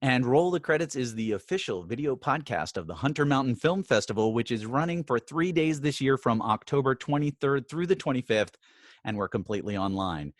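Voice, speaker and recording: A man co-hosting a film festival podcast, chatting casually and telling stories with animated, laughing energy. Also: medium pitch, brisk, dry recording, studio quality. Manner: animated storyteller, laughs easily. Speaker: podcast co-host. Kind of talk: casual chat.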